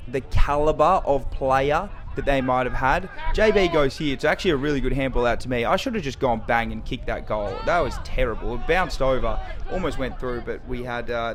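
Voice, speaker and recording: A young Australian man narrating his own football game footage in excitable, slang-heavy play-by-play. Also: mid-range voice. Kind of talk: mic'd-up sports commentary.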